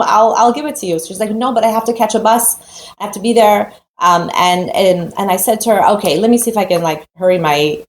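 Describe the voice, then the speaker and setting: A woman teaching Torah through a lively personal story, acting out the voices of the people in it. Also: mid-range voice. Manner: animated storytelling, acts out quoted voices. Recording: roomy echo with faint background noise.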